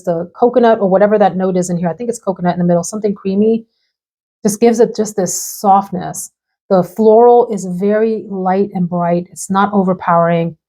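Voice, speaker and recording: A woman's voice: medium pitch, warm tone. A woman reviewing fragrances in a casual chat to camera at home, bubbly and talkative, laughing often. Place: home room with perfume shelves behind.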